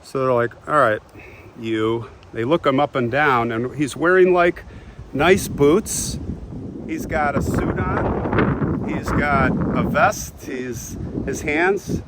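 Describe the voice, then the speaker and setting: Brief: man narrating history, lively delivery, slips into quoted lines, faint noise behind. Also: fairly high pitch, takes it slowly. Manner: animated, acts out quotes in passing. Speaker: history storyteller. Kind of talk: casual dramatic retelling.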